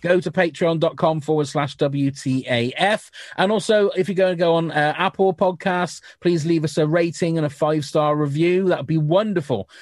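A man's voice: fairly high pitch, normal speed, hardly any pauses, a little mellow, dry recording, studio quality. A man from England co-hosting a podcast over a call, chatty and often laughing. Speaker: podcast co-host. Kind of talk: casual podcast chat. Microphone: remote call.

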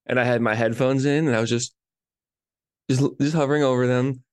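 A young man co-hosting a podcast, chatting casually and relaxed, with lots of fillers. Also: medium pitch, a little fast, dry recording, clean studio sound. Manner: relaxed, filler-heavy talk. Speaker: podcast co-host. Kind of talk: casual chat.

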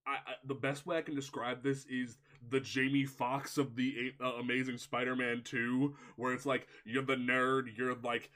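A young man co-hosting a casual movie review podcast, rambling and animated with lots of filler words. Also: medium pitch, moderate pace, few pauses. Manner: rambling, heavy use of "like", animated. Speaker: podcast co-host.

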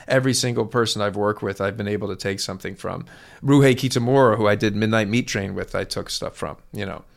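A man's voice: lowish voice, fast talker, vocal fry. A man who directs and acts, talking as an interview guest, eager and rambling with frequent restarts. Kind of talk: candid interview talk.

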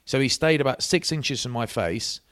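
A man's voice: medium pitch, normal speed, no echo, clean studio sound. A middle-aged man telling an anecdote in a casual chat, peppering it with "mate". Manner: lively storyteller, says mate a lot.

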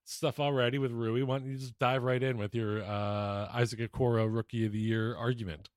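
A man's voice: mid-range voice, fairly even intonation, brisk, dry recording, studio quality. A man co-hosting a casual sports podcast, rambling with many fillers and tangents. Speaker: podcast co-host.

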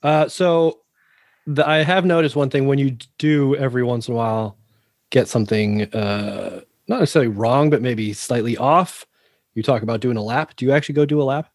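A man's voice: mid-range voice, brisk, no room sound. Man, Boston accent, podcast host, easygoing, laughs a lot, dry close sound. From New England. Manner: easygoing, asks questions, laughs often. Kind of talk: casual interview chat.

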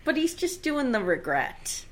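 A woman's voice: sits high, measured pace. A woman co-hosting a casual podcast, recapping a TV episode with frequent laughter and acted-out lines. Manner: animated storyteller who laughs often and acts out lines. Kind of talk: casual chat.

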